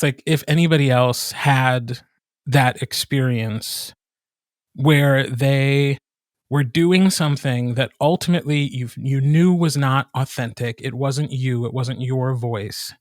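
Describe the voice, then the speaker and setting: Man narrator, light Midwestern accent, mid-pitched, dry close sound; thoughtful and soft-spoken. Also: slow, no echo. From American Midwest. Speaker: audiobook narrator. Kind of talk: casual panel chat.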